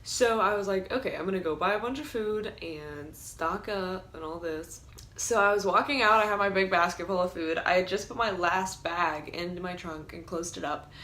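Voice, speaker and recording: A woman's voice: on the low side, normal speed, fairly bright tone. Chatty young woman telling a storytime. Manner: chatty, filler-heavy with frequent "like"; laughs while telling stories. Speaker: vlogger. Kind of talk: storytime vlog, casual storytelling.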